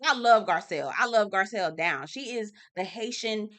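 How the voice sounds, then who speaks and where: Bright-voiced, blunt woman vlogger. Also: medium pitch, normal speed. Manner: blunt, animated, swears, talks straight to viewers. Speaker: TV review vlogger. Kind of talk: casual reality-TV recap.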